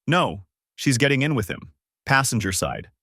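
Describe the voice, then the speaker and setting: A man's voice: medium pitch, very animated, normal speed, slightly rough, dry recording, studio quality, exaggerated voice. A man voicing a tense young woman who urgently reports what she sees, in an audiobook. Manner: urgent, hushed play-by-play. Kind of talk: audiobook character voice.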